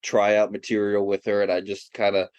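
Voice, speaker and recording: Middle-aged guy, comedian host, jokey and chill, slightly low voice, dry mic. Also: completely flat delivery, brisk, darkish tone, clear, resonant tone, no room sound. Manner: jokey, laid-back. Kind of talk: casual chat.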